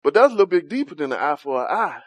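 A man with a fairly high voice, big pitch swings, and a racing pace leads an interactive Bible study, teaching loosely and conversationally. He often puts questions to the group and laughs along with them. The sound is close and dry.

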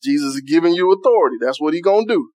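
A man's voice: a little high, animated, racing, darkish tone, no echo. A man preaching a sermon in a loose, conversational style, reading scripture and retelling it in everyday Southern vernacular.

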